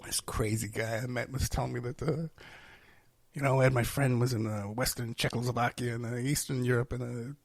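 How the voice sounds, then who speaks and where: Gravelly man ranting as show host. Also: medium pitch, little pitch movement, brisk, dry recording. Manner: rambling, sarcastic, self-mocking. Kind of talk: casual ranting monologue.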